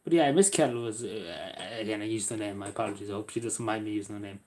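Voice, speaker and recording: A man's voice: on the low side, quick pace, a little mellow. A young Irish man chatting casually on a live stream, rambling with stumbling restarts and talking to viewers by name. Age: young adult. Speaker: live streamer reading chat.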